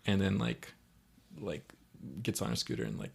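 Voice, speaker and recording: Man, low gravelly voice, casual podcast co-host, animated movie recap. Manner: animated retelling, acting out lines in quick quoted voices.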